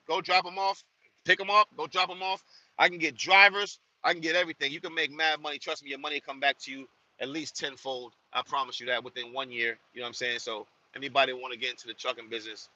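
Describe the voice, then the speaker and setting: A truck-driving man talks straight to his viewers in an animated, slangy ramble, circling back on his own phrases again and again. His voice sits slightly high and rings bright and forceful. The recording is dull and lo-fi. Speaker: truck driver vlogger. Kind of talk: casual monologue to viewers.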